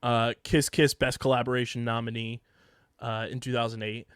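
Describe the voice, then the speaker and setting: Smooth-voiced man co-hosting a podcast. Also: mid-range voice, moderate pace, dry recording, studio quality. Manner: reels off facts in a steady list. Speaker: podcast co-host. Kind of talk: casual sports and music podcast chat.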